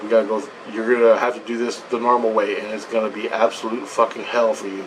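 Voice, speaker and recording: A man voicing a stern, calm female priestess who lectures in a low, hushed, insistent way. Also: fast, background noise, lightly acted.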